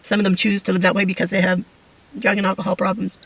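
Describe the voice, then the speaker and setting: A middle-aged woman giving an emotional personal testimony to camera, halting and fighting back tears. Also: medium pitch, level tone, vocal fry, husky, recorded from a distance, poor audio. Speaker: vlogger sharing a testimony.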